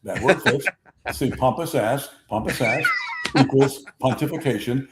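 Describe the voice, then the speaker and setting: A man in his seventies hosting a sports talk show, telling rambling stories with lots of repeats and lively impressions. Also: medium pitch, measured pace, background noise. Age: 70s. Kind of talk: conversational storytelling. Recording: echoey room.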